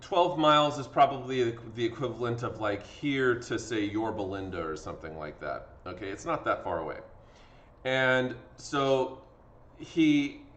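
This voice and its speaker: A man's voice: mid-range voice, fairly bright tone. A man, a history teacher giving a casual lecture over a video lesson, tired from talking, with lots of fillers and acted-out quotes. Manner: conversational, acts out quotes with fillers. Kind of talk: classroom lecture.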